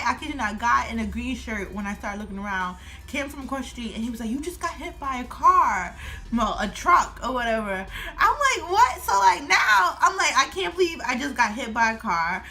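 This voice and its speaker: A woman's voice: a little high, pushed and bright. A woman in her twenties telling a storytime vlog at home, laughing often as she talks. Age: 20s. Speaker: vlogger.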